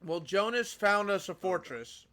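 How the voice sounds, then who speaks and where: A woman streaming a video game, chatting casually, animated and exasperated, sometimes shouting at her teammates. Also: mid-range voice, measured pace. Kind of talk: casual gaming chat.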